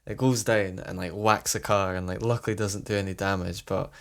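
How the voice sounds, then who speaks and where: A man's voice: low voice, steady tone, brisk. A young man telling a rambling school story in casual chat, laughing as he goes. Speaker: podcast co-host.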